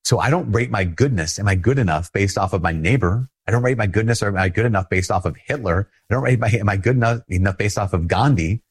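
A man with a Minnesotan accent giving an earnest, conversational sermon as a Catholic priest, often repeating phrases and laughing softly. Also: on the low side, fast, hardly any pauses, slightly rough.

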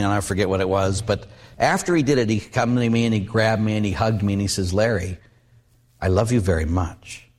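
A middle-aged male Catholic priest giving a storytelling sermon, acting out the quotes in his stories with big swings in his voice. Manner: animated, acts out quotes with big pitch jumps.

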